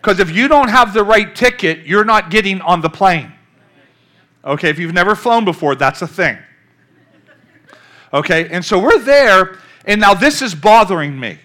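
Older male pastor, high bright voice, animated storytelling sermon. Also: moderate pace. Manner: storytelling, animated, calls out to the congregation.

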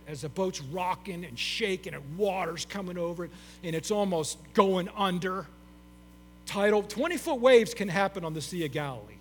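Speaking at a moderate pace with lively intonation, this middle-aged pastor's high voice drives home his sermon as he repeats key phrases emphatically to the congregation. There is long hall reverb and faint mains hum in the recording.

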